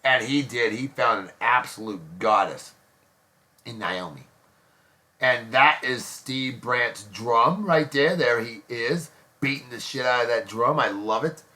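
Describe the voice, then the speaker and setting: A man's voice: mid-range voice, a little slow, sharp tone. Effusive jokey man hosting a show. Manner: effusive and jokey, gushing praise for friends. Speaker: host of a daily beer and music show. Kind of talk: casual chat with shout-outs.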